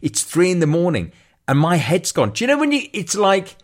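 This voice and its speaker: On a casual chat show, a male co-host talks a little fast in a high voice. He's animated, swearing a lot and laughing his way through the story he's telling.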